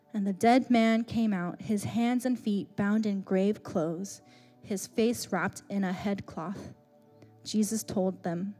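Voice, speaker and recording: A young woman pastor preaching a sermon in a chatty, animated storytelling way, with many fillers. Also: mid-range voice.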